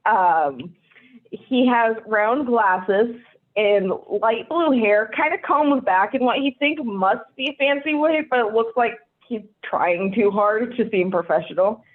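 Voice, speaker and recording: A woman's voice: on the high side, lively intonation, takes it slowly. A woman narrating as game master of a tabletop game, casual and giggly, with many fillers. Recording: tinny phone-like call audio.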